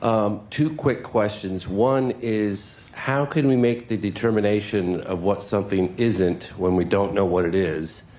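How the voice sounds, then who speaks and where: A man's voice: on the low side, fairly even intonation, unhurried, hardly any pauses, a little mellow. A man politely asking earnest questions from the floor at a public briefing. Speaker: audience questioner at press event.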